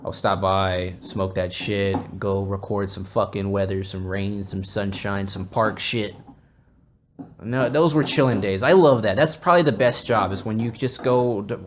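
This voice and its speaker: A young man hosting a podcast, telling a rambling story casually, swearing often and getting animated. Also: fairly low pitch, a little slow, noisy background. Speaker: podcast host.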